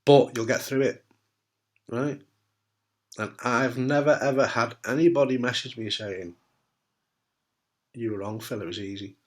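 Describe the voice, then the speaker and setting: A middle-aged man from the UK, a cancer survivor talking candidly to camera, blunt and jokey, swearing casually and often asking "right?". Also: mid-range voice. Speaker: testicular cancer survivor giving advice.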